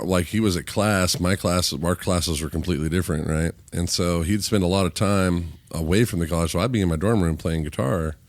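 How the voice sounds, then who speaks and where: Low-voiced male podcast host, rambling storyteller, dry studio sound. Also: darkish tone, no room sound. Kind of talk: casual chat. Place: recording studio.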